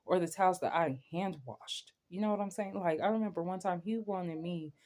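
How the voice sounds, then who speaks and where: Young adult woman, vlog venting; warm, low-set voice, emphatic and rambling delivery. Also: brisk. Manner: emphatic, rambling, keeps asking "you know what I'm saying". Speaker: vlogger. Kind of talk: venting rant to camera.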